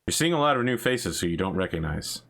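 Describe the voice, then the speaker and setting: A man narrates as game master of a tabletop role-playing game. His voice sits fairly low, and he describes each scene in an easygoing way, with lots of "uh" and "you know" along the way. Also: fast talker, vocal fry. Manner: relaxed, filler-heavy narration.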